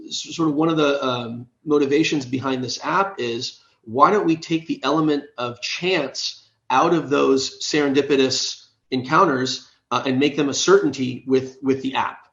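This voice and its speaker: A man's voice: mid-range voice, moderate pace, few pauses, a bit bright, highs cut off. Man telling a story in a roomy room. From United States. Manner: conversational, often checking in with "right?" and "okay?". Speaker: app co-founder, guest. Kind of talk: casual storytelling in a podcast interview.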